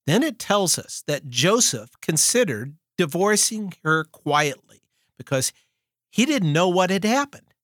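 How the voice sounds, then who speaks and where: A man preaching a sermon. He reads scripture aloud in a measured way and stresses his points with rhetorical questions. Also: high voice, very animated, fairly bright tone, no room sound, studio quality.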